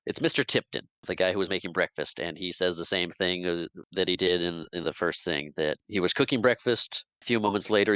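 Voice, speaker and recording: A man's voice: low voice, pushed and bright, smooth, dry recording. A man co-hosting a podcast, recapping a film in casual chat, rambling with restarts and acting out quoted lines. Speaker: podcast co-host.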